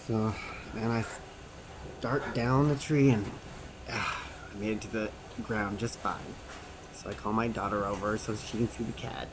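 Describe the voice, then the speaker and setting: A man voicing a signed personal story as an interpreter, animated and acting out the quotes and sounds. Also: fairly low pitch, unhurried, noisy background. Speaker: sign-to-voice interpreter.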